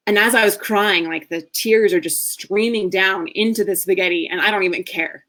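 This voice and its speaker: A woman in her thirties, a marriage coach, telling a candid personal story in a masterclass with earnest warmth and the odd soft laugh. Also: mid-range voice, normal speed, hardly any pauses. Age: 30s.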